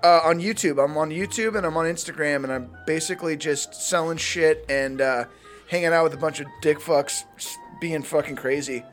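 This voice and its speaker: A man's voice: on the high side, moderate pace, soft background music. A man reading a story aloud on a comedy podcast, gleeful, swearing and breaking into laughter. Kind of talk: reading aloud, casual chat.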